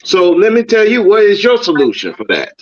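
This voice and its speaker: A man pushing back calmly in a casual group debate. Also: high voice, fairly quick. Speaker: panelist. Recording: dull lo-fi audio.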